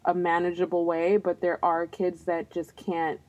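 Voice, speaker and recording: A woman's voice: fairly low pitch, completely flat delivery, normal speed, a little mellow. Candid young woman, laughing easily. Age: young adult. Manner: candid, laughs often, self-conscious. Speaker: podcast co-host. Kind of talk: casual chat.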